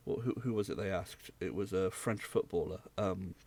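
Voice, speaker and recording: A man's voice: low voice, normal speed, darkish tone, no room sound. A man from Southwest England, co-hosting a casual podcast chat in a rambling, dry way. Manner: dry, rambling with many fillers. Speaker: podcast co-host.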